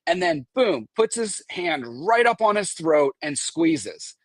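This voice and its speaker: Animated man telling a story, dry sound. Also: fairly high pitch, slow pace, no room sound. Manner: animated, acts out quoted voices, swears. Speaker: guest recounting an event. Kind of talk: casual storytelling.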